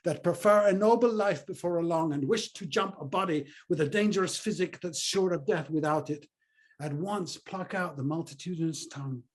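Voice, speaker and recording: Guy doing a proud roman general, husky and contemptuous, big stagey delivery. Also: fairly high pitch, moderate pace, lightly acted. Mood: defiant. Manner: scornful, declamatory. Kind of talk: stage play reading.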